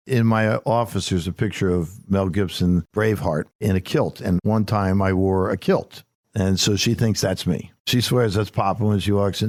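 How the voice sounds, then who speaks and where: A man's voice: lowish voice, normal speed, vocal fry, no echo, studio quality. An older man, a political candidate, talking as a guest in a casual interview and telling folksy, emphatic stories.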